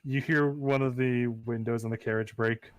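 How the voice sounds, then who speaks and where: A man narrating a tabletop game as game master, in playful, halting narration with many fillers. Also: medium pitch, steady tone, clear, resonant tone, no echo.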